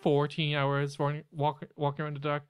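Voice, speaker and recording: Young guy joking around on a podcast, a bit high, dead dry mic. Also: monotone, moderate pace, clean tone, no echo. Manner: jokey, puts on silly voices. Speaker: podcast co-host. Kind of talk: casual comedic chat.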